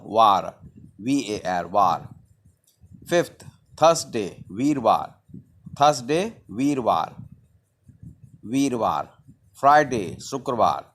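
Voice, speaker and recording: A man teaching a lesson at a very slow, careful pace, repeating each word again and again. He spells out the words letter by letter. His voice sits at an ordinary middle pitch. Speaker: Hindi teacher.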